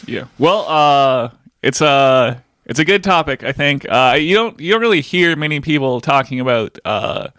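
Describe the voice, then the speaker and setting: A man around forty co-hosting a podcast in casual chat. He speaks in a relaxed, easygoing way and hesitates now and then. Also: medium pitch, moderate pace, hardly any pauses, clean tone, no echo, studio quality. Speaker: podcast co-host.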